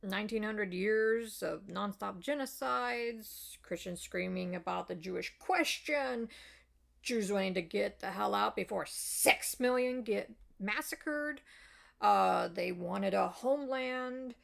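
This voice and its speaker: A woman talks through a history lesson in a casual, rambling way, filling pauses with ums and uhs and apologizing as she goes. Her voice is heavily gravelly with vocal fry. She speaks slowly and without hurry. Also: medium pitch. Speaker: video essayist.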